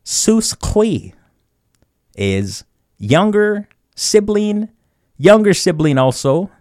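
A man hosting a community radio show, teaching words slowly and often chuckling at himself. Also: sits high, sing-song, a little mellow, no echo, studio quality. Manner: chuckles often, slow deliberate word repetition. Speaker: radio host. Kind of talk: community radio language segment.

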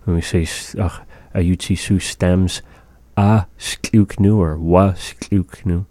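A man with a very low, mellow voice leads a language lesson at an unhurried pace. He breaks phrases into syllables, and he often stops to search for the right way to explain. The sound is close and dry. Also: fairly even intonation, dry recording. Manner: deliberate, pauses to find words, sounds out phrases syllable by syllable. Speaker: language teacher. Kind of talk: slow, patient language lesson.

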